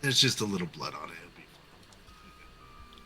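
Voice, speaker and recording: A man's voice: deep voice, very animated, a little slow, sharp tone, soft background music. A man playing in a tabletop game, joking and friendly in character. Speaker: player. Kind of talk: casual in-character play.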